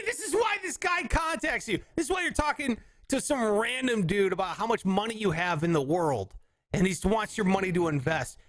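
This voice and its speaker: A man's voice: high voice, a bit bright, no echo. A man with a Southern drawl hosting a comedy podcast, chatting casually and slipping into silly voices and bits. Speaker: podcast host.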